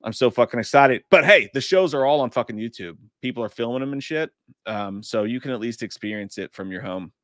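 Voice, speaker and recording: A man in his thirties or forties reads out live chat messages on a loose, casual stream, swearing and joking as he rambles on. His mid-range voice is expressive, fairly quick and a bit bright, in clean studio sound with no room sound.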